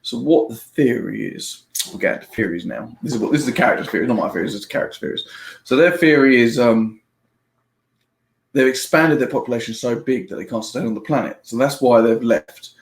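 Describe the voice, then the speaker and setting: A man's voice: mid-range voice, fairly quick. A man giving a casual spoiler review of a book, chatty and rambling, laughing often and restarting his sentences. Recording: roomy echo.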